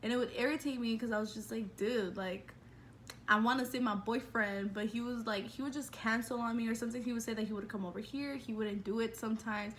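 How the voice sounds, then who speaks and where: Woman in her 20s chatting to camera, kinda high voice, lots of likes and ums, bit of hiss behind. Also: fast talker, hardly any pauses. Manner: chatty, animated, lots of fillers. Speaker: vlogger. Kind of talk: casual storytelling.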